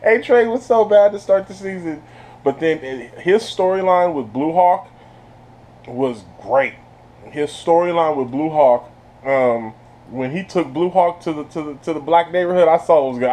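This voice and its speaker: Man, casual show review, slangy, laughs a lot, slightly high voice. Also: normal speed. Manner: laughs often, slangy and animated. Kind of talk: casual spoiler review chat.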